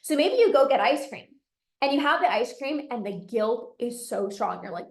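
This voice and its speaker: A woman with a high voice talks earnestly and casually, coaching the listener with plenty of "like" and "right?". Her voice carries a noticeable echo from the room around her. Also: animated, normal speed. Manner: earnest, conversational, many "like" and "right?" fillers. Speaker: binge eating coach. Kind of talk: casual direct-to-camera advice.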